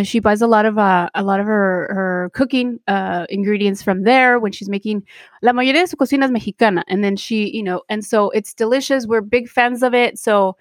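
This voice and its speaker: A woman's voice: on the high side, dry recording. Woman co-host, dry close sound. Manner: switches between English and Spanish mid-sentence. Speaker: podcast co-host. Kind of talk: casual chat.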